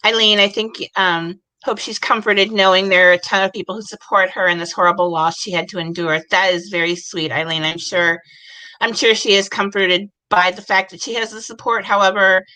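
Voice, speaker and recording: Squeaky, bright-toned woman, chatty livestream host on a video call. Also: fairly even intonation, brisk, poor audio. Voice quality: high squeaky voice. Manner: chatty, giggly, self-deprecating. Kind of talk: casual livestream chat.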